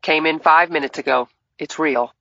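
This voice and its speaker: A woman's voice: low voice, moderate pace, creaky, a bit bright, no echo, lo-fi sound. A woman playing a tough detective, clipped and urgent, in an audiobook. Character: tough female detective partner. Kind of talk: audiobook dialogue.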